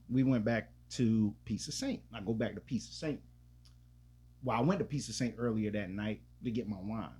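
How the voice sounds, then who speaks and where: Husky-voiced man telling a rambling story. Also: medium pitch, darkish tone. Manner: loose, profane and rambling, with frequent restarts. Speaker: podcast co-host. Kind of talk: casual storytelling chat.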